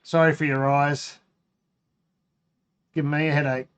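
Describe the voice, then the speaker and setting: A man's voice: on the high side, little pitch movement, measured pace, clean tone. Rambling Australian man on a live stream. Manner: rambling, laughing, self-interrupting. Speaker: home brewing live streamer. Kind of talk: casual live-stream chat.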